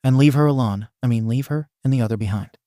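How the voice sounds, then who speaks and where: A man's voice: medium pitch, quick pace, dark tone, no echo, studio quality, close to an everyday voice. A man reading the lines of a worried young female hero student, in a fan storybook reading.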